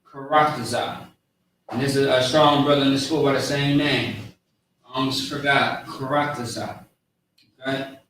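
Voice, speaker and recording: A man's voice: medium pitch, a bit bright. Man teaching far off in an echoey room. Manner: casual, slangy, slow careful spelling of words. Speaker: teacher of a language class. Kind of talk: informal lesson with a live chat. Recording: echoey room, far from mic, faint noise.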